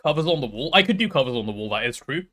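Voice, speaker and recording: A man streaming a game, chatting casually with his chat and thinking out loud as he plays. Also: medium pitch, lively intonation, racing. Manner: chatty, thinks aloud while playing and answers chat.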